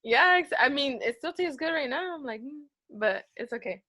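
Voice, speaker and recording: A woman's voice: high-pitched, animated, moderate pace, bright, forceful tone. A woman hosting a book club video call, chatty and dropping in Spanish phrases. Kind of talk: casual video call chat.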